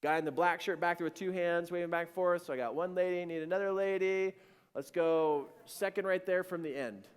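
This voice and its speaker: A man giving an animated storytelling sermon to a live audience and acting out the voices in his story. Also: high voice, fairly quick, clean tone. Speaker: speaker. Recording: long-reverb hall.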